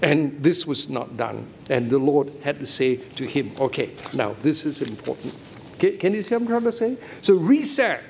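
Animated man preaching slowly, high lively voice. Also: creaky, a little hiss or hum. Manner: emphatic, asks listeners questions often. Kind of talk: sermon.

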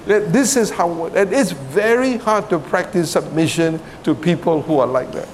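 A man's voice: high-pitched, animated, normal speed, few pauses, a little hiss or hum. A middle-aged man from Singapore with a Singaporean English accent, preaching a sermon in a conversational way, often checking with the congregation and laughing between points.

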